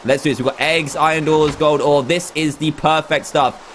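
A young man giving excitable, dramatic running commentary as he plays a video game. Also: a little high, moderate pace, hardly any pauses, a little hiss or hum. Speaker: gaming YouTuber. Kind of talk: Let's Play commentary.

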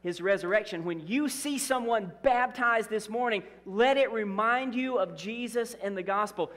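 A middle-aged male pastor preaching in a church sanctuary, his voice sitting high for a man. He is earnest and repeats his key phrases, slipping in playful asides. The sound carries a long hall reverb. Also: lively intonation, moderate pace, a bit bright. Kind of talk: sermon.

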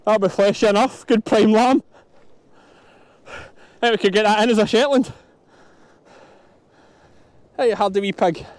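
On a hillside in a storm, a Scottish sheep farmer and channel host chats easily to his viewers while working his dogs, providing outdoor farm vlog commentary. His voice is high for a man, with a darkish tone and no echo, and he talks a little slowly with long pauses. Vehicle noise can be heard behind him.

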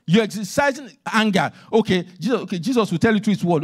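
A male minister preaching a sermon in church, emphatic, swinging between loud stresses and hushed asides. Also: high voice, lively intonation, fast, husky.

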